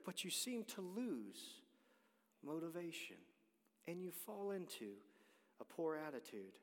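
A pastor preaching a sermon, building to emphatic, shouted points. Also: male voice, on the high side, sing-song, measured pace, pauses often. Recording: reverberant hall.

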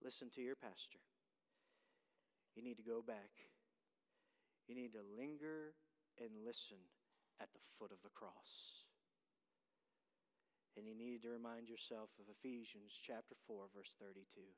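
A man preaching a sermon as pastor, dropping to hushed lines and rising to shouts, at times singing hymn lines. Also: mid-range voice, a little slow, long pauses, big-room sound.

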